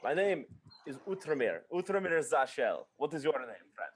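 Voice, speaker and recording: A man's voice: a little high, very animated, normal speed, slight background noise. A man playing his character in a tabletop game, speaking in a cheerful, formal way. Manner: cheerful, formal in-character speech, frequent laughs. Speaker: player.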